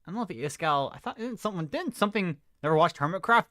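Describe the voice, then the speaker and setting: Brief: male streamer, animated reaction chatter, bouncy pitch, dry recording. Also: fast, hardly any pauses, no echo. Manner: excitable, rambling, with many restarts. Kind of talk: casual livestream reaction.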